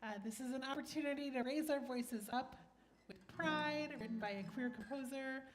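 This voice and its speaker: A woman's voice: high voice, moderate pace. A woman song leader introducing a congregational song in a synagogue, speaking hesitantly with fillers. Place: synagogue sanctuary. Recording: guitar music playing loudly behind.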